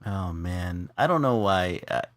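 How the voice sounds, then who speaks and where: A man telling a funny personal story in casual chat, laughing often and jumping up in pitch when excited. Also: unhurried, no echo. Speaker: co-host of an art stream.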